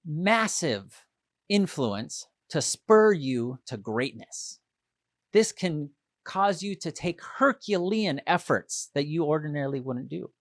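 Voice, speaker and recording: A man hosts a motivational leadership podcast, his voice a little higher than most men's and swinging widely in pitch. He talks alone to his listeners and breaks into loud acted-out inner voices. The recording is close and dry, with no room sound. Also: no room sound. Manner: animated, acts out inner voices with sudden loud outbursts. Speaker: podcast host. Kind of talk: motivational solo podcast talk.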